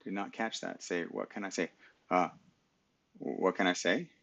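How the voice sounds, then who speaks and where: Middle-aged male streamer, deep gravelly voice, talks back at his pc, webcam mic sound. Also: fairly even intonation, normal speed, fairly bright tone. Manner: mutters to himself and talks back to his computer. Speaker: live stream host. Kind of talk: casual screen-share talk.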